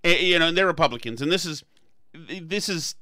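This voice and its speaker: A man's voice: a little high, lively intonation, fast talker, bright, forceful tone, no echo. A man hosting a political podcast, talking emphatically and sarcastically, often restarting his phrases. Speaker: podcast host. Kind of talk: political commentary chat.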